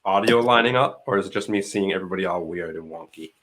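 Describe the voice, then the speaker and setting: A man's voice: low-pitched, fast, a bit bright. A man co-hosting a casual livestream chat in a laid-back, easygoing way. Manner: laid-back, says dude. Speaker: livestream co-host.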